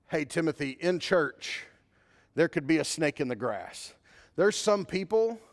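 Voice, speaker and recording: High-voiced pastor preaching in a reverberant hall. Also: male voice, gravelly. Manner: conversational preaching with storytelling. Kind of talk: sermon. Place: church sanctuary.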